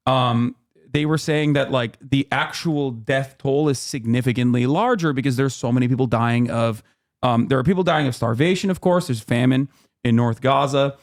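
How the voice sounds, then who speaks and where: A man's voice: medium pitch, moderate pace. A man in his thirties hosting a livestream, explaining at length in a heated, profane way, full of fillers and restarts. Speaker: streamer host.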